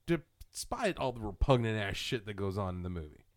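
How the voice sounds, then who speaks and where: A man in a casual podcast chat, riffing in an animated, profane way. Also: lowish voice, moderate pace.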